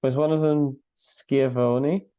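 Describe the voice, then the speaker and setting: A man's voice: mid-range voice, fairly even intonation, takes it slowly, mellow, smooth, dry recording. A man co-hosting a casual podcast, wry and self-mocking as he tries to answer quiz questions. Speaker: podcast co-host.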